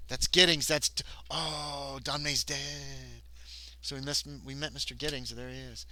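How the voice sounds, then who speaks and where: A man's voice: medium pitch, unhurried. A man livestreaming a solo tabletop horror game, rambling and interrupting himself as he chats with viewers and reacts to the game. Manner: rambling, self-interrupting, excitable chatter with the chat.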